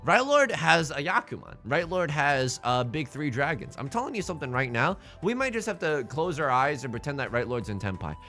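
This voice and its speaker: An excitable young man talks through his game in a bright, lively voice that leaps up and down in pitch. He rambles, repeats himself and pokes fun at his own bad luck. Faint music plays behind him. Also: a little fast, hardly any pauses. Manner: excitable, self-deprecating, rambling with repeated words. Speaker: let's play host. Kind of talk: casual gameplay commentary.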